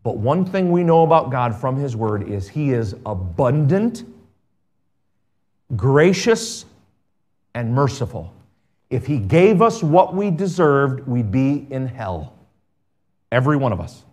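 A man preaching a sermon as pastor, reading scripture aloud and swinging between emphatic and quiet delivery. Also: medium pitch, very animated, slow pace, long pauses.

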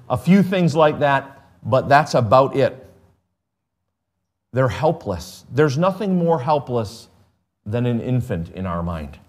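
A man preaching a sermon, retelling scripture and acting out the dialogue with animated emphasis. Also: mid-range voice. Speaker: pastor.

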